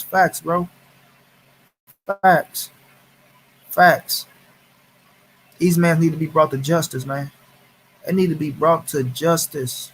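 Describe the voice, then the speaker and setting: A man's voice: a little high, fairly even intonation, slow, long pauses, a little hiss or hum. Heated, profane man venting on a livestream. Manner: heated, profane, repeats phrases for emphasis; greets viewers in chat by name. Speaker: livestream host. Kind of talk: angry casual livestream commentary.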